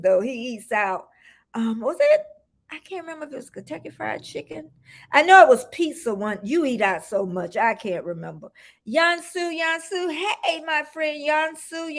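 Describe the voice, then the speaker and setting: Slow-talking older woman greeting viewers. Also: on the high side. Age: 60s. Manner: warm, chatty, greets viewers by name, frequent ums. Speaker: livestream host. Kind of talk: casual livestream chat, greeting viewers.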